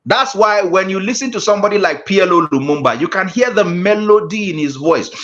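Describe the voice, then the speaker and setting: Lively man with lo-fi call audio. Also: high voice, fairly quick. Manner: emphatic, preacher-like repetition. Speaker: guest speaker and mentor. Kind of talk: motivational online class talk.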